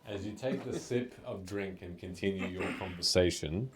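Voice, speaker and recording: A man running a tabletop game as game master, narrating calmly and slowly. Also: low voice, crowd noise. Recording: echoey room with faint noise.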